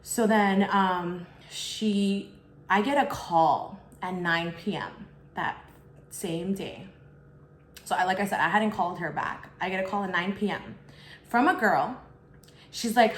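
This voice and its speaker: A woman telling a personal story while eating, chatty and expressive with lots of fillers. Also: mid-range voice, moderate pace. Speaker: vlogger. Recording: echoey room.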